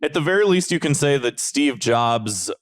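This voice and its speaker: A man's voice: mid-range voice, expressive, moderate pace. A man on a podcast, ranting in an exasperated, casual way and swearing freely. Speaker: podcast panelist.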